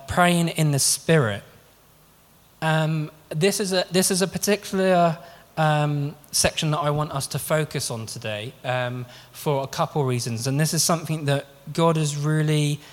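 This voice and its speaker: A man preaches in an earnest, conversational way, stumbling over a word now and then and circling back to restart his thought. His voice sits a little higher than most men's. The long reverb tail of a large hall trails after each phrase. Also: measured pace. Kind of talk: sermon.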